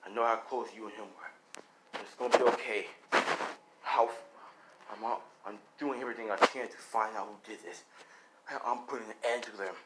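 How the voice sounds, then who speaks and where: All Might, as a man plays a steady comforting hero. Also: lowish voice, normal speed, pauses often, very noisy, natural voice. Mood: reassuring. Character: steadfast male hero consoling a friend.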